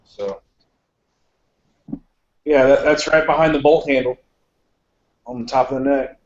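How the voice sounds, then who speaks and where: A man in a casual online voice chat, telling a story in a relaxed way. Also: mid-range voice, a little slow. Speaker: gun owner in an online voice chat. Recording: echoey, muffled voice-chat audio.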